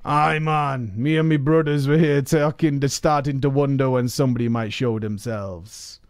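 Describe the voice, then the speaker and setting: A man voicing a laid-back male troll with a put-on Caribbean lilt and a relaxed, drawling delivery. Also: mid-range voice, normal speed, clean tone, no echo, studio quality, close to an everyday voice.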